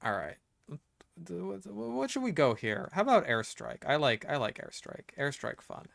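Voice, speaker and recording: A man's voice: on the high side, big pitch swings, normal speed, vocal fry, fairly bright tone. A young American man giving casual gameplay commentary, muttering and swearing to himself as he plays. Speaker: gaming streamer.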